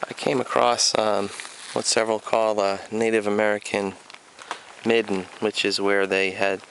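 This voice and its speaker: A man narrating his hike through a flooded riverside preserve in an unhurried, plainspoken way. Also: lowish voice, little pitch movement, a bit bright, slight background noise, rough recording. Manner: unhurried, plainspoken, grumbles about litter. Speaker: hiking vlogger. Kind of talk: casual outdoor narration. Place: outdoors by a river in a nature preserve. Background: insects and crickets, rural ambience.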